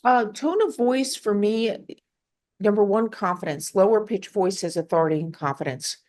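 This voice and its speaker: A woman's voice: mid-range voice, moderate pace, a little mellow. A woman appearing as a guest sales expert, making her points firmly with rhetorical questions. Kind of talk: casual interview chat.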